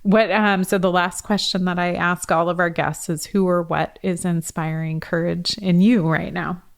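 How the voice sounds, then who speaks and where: Woman podcast host, low voice, gravelly texture, affirming interviewer. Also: steady tone, normal speed. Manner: affirming, frequent murmured agreement. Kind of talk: interview conversation.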